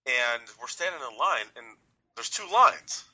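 A man, co-hosting a podcast and telling a story in an excited way. He acts out what people said and laughs often. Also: mid-range voice, a little slow, husky, low-quality recording. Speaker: podcast co-host. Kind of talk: casual chat.

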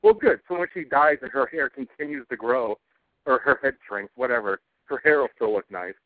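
A cranky podcast co-host rants about television with plenty of swearing in casual chat. His mid-range voice is animated at a moderate pace, and the recording sounds tinny and phone-like, with no reverb.

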